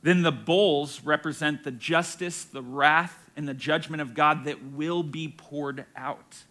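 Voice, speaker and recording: A man's voice: fairly high pitch, steady tone, takes it slowly, bright, forceful tone. A man teaching a church Bible study as a pastor, emphatic, with rhetorical questions and a shifting pace. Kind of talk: sermon-style Bible teaching.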